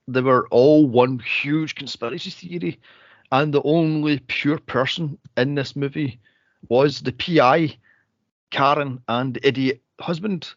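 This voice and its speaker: A man co-hosting a podcast, recapping a movie in casual chat with an exasperated, animated manner. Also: a little high, creaky, no room sound. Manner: exasperated, animated retelling with frequent exclamations. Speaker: podcast co-host. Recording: dull, lo-fi dry recording.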